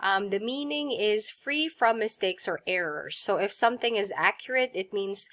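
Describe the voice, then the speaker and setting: A woman teaching a vocabulary lesson, saying each word clearly, asking listeners to repeat it and praising them. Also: mid-range voice, lively intonation, fairly bright tone. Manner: slow, clear drills with repeat prompts and praise.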